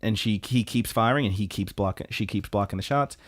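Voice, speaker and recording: A man's voice: fairly low pitch, a little fast. A man co-hosting a podcast, casually retelling an anime episode with fillers and quoted lines. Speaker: podcast co-host. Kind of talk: casual chat recapping an anime.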